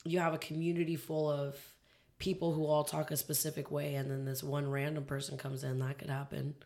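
A woman from California co-hosting a podcast, thinking out loud and teasing in casual chat. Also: low voice, little pitch movement, brisk. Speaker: podcast co-host.

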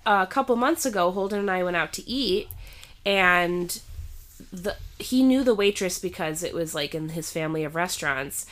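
A young woman, a pregnant teacher, chatting casually with friends, animated and swearing, jumping into raised voices when she quotes people. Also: fairly low pitch, moderate pace. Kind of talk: casual chat.

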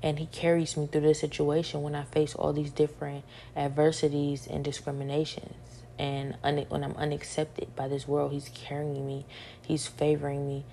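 A young woman with a low, gravelly voice speaks in a flat, steady tone. She vents her frustrations in a personal monologue, circling back and repeating each point over and over. Her tone is dark and mellow. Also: moderate pace, a little hiss or hum. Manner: repetitive, frustrated, restating each point several times. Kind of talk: venting monologue.

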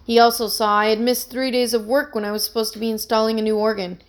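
A woman's voice: a little high, level tone, fast talker, natural voice. Storybook role: woman reads a nervous young musician pleading his innocence, earnest and worried. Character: anxious young man, a struggling musician accused of theft.

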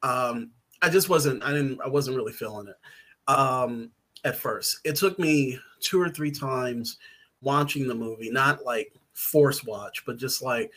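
A man's voice: medium pitch, measured pace, a bit bright. Man rambling with lots of fillers. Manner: rambling, hesitant with many fillers and restarts. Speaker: writer and podcast guest. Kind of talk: casual podcast chat.

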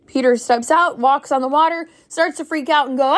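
A young woman with a high, light voice hosts a faith-based podcast. She speaks in an earnest, preachy way and leans on rhetorical questions to stir her listeners. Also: normal speed, hardly any pauses. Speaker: podcast host. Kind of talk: faith-based motivational talk.

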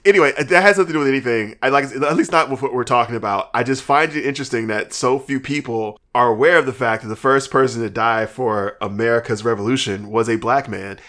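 A man's voice: mid-range voice, fast, hardly any pauses, fairly bright tone. A man co-hosting a podcast in casual chat, who swears freely, laughs often and rambles through restarts. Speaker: podcast co-host.

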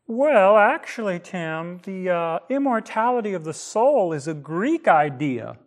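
A man voicing a pompous male seminary student who condescendingly corrects him, pitched higher than his own voice. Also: sing-song, a little slow.

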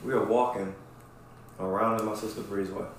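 A man hosting a podcast, telling stories in casual chat in a profane, animated way and often asking "right?". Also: lowish voice, a little fast, slight background noise. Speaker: podcast host. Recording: very echoey room.

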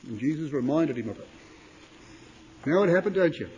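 High-voiced male preacher, emphatic declamation with quiet drops, reads King James scripture. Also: lively intonation, fairly quick, muffled recording, a little hiss or hum. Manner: emphatic, rising to loud declamation then dropping low; addresses listeners as brothers and sisters. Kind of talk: sermon.

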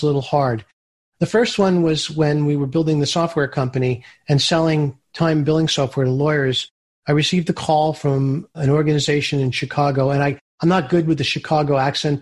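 A male entrepreneur gives an interview, telling his business stories in a lively, animated way. His voice sits fairly high and has a husky grain. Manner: animated storyteller who acts out quoted voices. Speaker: guest, entrepreneur. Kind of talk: storytelling interview answers.

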